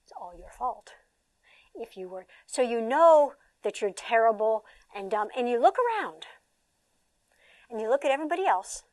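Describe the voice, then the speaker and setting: An older woman leads a training workshop in a fairly high voice, animated and chatty, tossing rhetorical questions to a seated audience. The sound is dry and close, with almost no room echo. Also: moderate pace. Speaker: trainer and former therapist.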